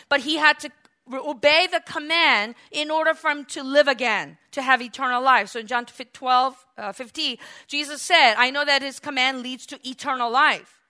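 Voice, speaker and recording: Preaching with animation, a woman acts out the quotes in her sermon and moves back and forth from loud outbursts to hushed asides. Her voice is high-pitched.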